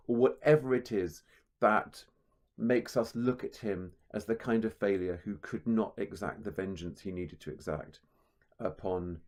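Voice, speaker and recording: A man giving a spoken literature lesson, thinking aloud with frequent ums and restarts, and reading quoted verse with marked stress. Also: on the low side. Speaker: literature teacher. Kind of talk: spoken lecture commentary.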